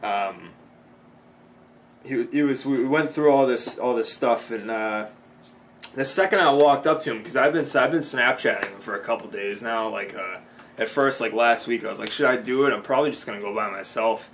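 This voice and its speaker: A man's voice: mid-range voice, normal speed, fairly bright tone, slight background noise. A man in his twenties from Boston, rambling casually in a vlog recap, with many ums and restarts and frequent swearing. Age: 20s. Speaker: vlogger.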